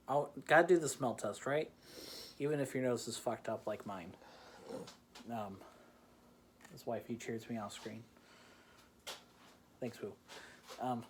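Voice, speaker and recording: A man hosting a loose, chatty show from his home, rambling along and poking fun at himself. He laughs a lot. There is a faint hiss under his voice. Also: medium pitch. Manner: rambling, self-deprecating, laughs often. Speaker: host. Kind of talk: casual beer-tasting chat. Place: home in the Chicagoland area.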